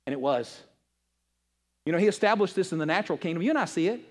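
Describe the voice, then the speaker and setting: A man preaching a sermon, asking the audience questions and swinging between loud passages and hushed ones. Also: high-pitched, rapid-fire. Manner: asks the audience rhetorical questions. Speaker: pastor.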